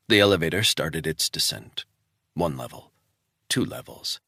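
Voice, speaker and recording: A male audiobook narrator with a very deep, gravelly voice. He tells the story in steady, measured scripted narration with lively movement in his pitch. The recording is close and completely dry. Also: no echo.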